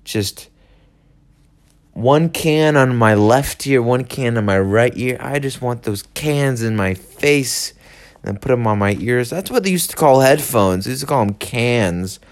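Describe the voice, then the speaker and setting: A man's voice: mid-range voice, expressive, unhurried. A young man hosting his own show, rambling through an irritable, sarcastic solo rant. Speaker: podcast host. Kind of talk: solo ranting monologue.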